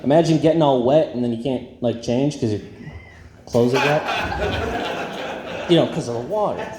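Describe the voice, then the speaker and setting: Awkward deadpan stand-up comic man. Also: medium pitch, moderate pace. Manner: awkward, self-deprecating, lots of ums and trailing off. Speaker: stand-up comedian. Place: comedy club stage. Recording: roomy club sound with audience noise. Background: audience laughter.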